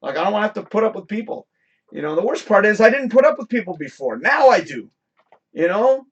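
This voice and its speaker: A man's voice: sits high, very animated, brisk, slightly rough, muffled recording. A man hosting a live stream, telling a story in a casual, profane rant and laughing often. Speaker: host.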